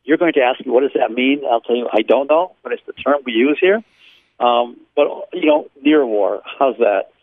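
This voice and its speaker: Heard over a tinny phone line, this Israeli law professor speaks at a normal pace in a mid-range voice, the recording dry. He's a radio interview guest calling from his home near Jerusalem, talking bluntly and frankly with lots of ums and sarcastic remarks.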